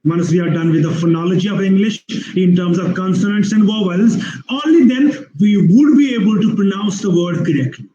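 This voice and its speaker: A man giving an online webinar lecture on English skills, explaining slowly with repeated phrases and drawn-out spoken examples. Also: high voice, dark tone, echoey room, highs cut off, slight background noise.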